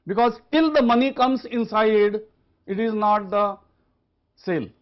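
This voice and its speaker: A man's voice: high-pitched, measured pace. A man giving a lecture, stressing his points by repeating them and posing rhetorical questions to the class. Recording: dull lo-fi recording.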